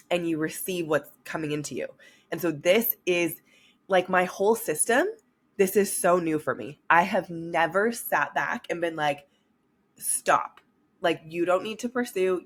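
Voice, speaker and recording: A woman's voice: low voice, breathy edge. A young woman hosting a solo podcast, talking frankly and with energy, swearing casually and addressing her listeners directly. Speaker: podcast host. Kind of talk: candid solo podcast talk.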